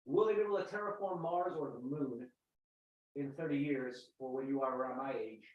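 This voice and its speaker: A man's voice: mid-range voice, normal speed. A man in pain from a broken collarbone, rambling and swearing through casual comedy chat. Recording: echoey, distant, dull sound.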